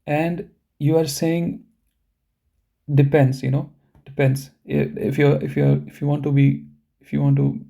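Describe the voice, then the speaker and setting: A German teacher speaks in a slightly high, level voice with vocal fry and a warm tone during a live online lesson. He checks in with learners often, moves through explanations step by step, and carefully slows down to pronounce example words.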